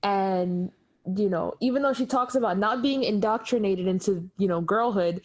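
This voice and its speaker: A woman's voice: medium pitch, normal speed. A woman guest on a podcast, chatting casually in a theatrical way and acting out characters as she retells a story. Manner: theatrical, acts out characters in quotes. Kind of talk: casual chat.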